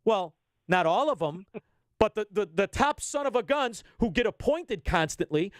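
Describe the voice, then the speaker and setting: Man, 50s, blunt ranting radio guest, fairly high voice, dry close sound. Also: dry recording. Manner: blunt, ranting, swings between loud and low. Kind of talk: heated political radio talk.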